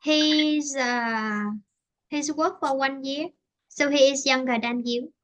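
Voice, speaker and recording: A woman's voice: high voice, fairly even intonation, slow pace, a bit bright. A woman teaching English with a Vietnamese accent, talking in a hesitant way and searching for words with many fillers. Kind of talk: online English lesson conversation.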